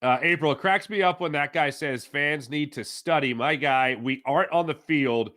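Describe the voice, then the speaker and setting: A man's voice: on the high side, normal speed, pushed and bright. A man hosting a casual live sports chat, reading viewer comments and ranting playfully with lots of ums and uhs. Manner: playful, opinionated rants with frequent fillers.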